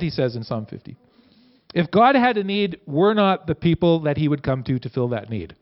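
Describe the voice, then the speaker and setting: A man preaching in a relaxed, conversational way, his voice sitting a little high for a man. He acts out quoted lines with lift and energy. The recording sounds dull and lo-fi. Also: normal speed. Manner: conversational, animated quoting with rising voice. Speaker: pastor. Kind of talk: sermon.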